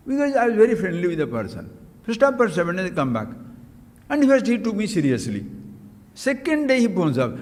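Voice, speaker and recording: Man, spiritual teacher, high lively voice, emphatic rhetorical questions, long hall reverb. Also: fast talker. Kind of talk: spiritual discourse.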